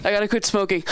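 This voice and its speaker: A young woman comedian telling an animated stand-up story into a handheld mic on a comedy club stage, laughing often. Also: medium pitch.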